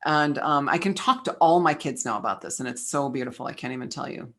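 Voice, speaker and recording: A woman's voice: rumbling low, fast, creaky, fairly bright tone. A middle-aged woman giving a casual spiritual parenting masterclass, frank and chatty, with lots of fillers and restarts.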